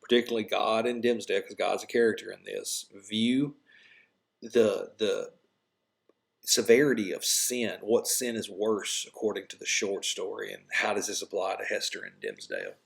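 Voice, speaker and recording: Male English teacher, informal explainer, low gravelly voice, recorded lesson. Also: animated, normal speed. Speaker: high school English teacher. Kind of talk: recorded lesson, reading a story aloud.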